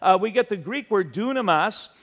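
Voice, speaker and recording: A man's voice: sits high, lively intonation, normal speed, fairly bright tone, muffled recording. An older man preaching a sermon, reading scripture and telling a folksy personal story with frequent restarts. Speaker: pastor.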